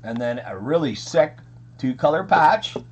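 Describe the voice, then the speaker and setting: A man hosting a card collecting unboxing, talking casually and getting excited over the cards. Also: a little high, normal speed. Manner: excited, says "frickin' sick". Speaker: card collecting channel host.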